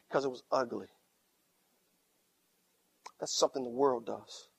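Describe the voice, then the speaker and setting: A middle-aged man preaching a sermon as pastor, swinging from quiet storytelling to loud, emphatic lines. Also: mid-range voice, steady tone, measured pace, vocal fry, slightly rough.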